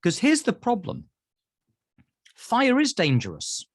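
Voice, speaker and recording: A British man, a therapist, telling animated stories in an interview and acting out voices. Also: very high voice, takes it slowly, no room sound, clean studio sound. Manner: acts out voices in anecdotes. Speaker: therapist guest.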